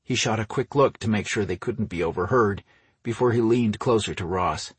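A man reading an audiobook story in a steady, measured narration. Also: lowish voice, slightly rough, no room sound. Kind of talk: scripted narration.

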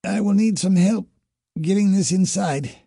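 A man voicing a hurt, hoarse young woman on a spacewalk, croaking out strained, clipped lines. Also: medium pitch, moderate pace, dark tone, dry recording, studio quality, natural voice.

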